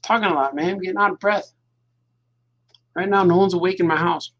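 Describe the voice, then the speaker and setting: A cartoonist hosts his own show from home at night, chatting casually to viewers as he draws, rambling and repeating himself as his thoughts drift. His high-pitched voice is fairly quick, and the recording's highs are cut off.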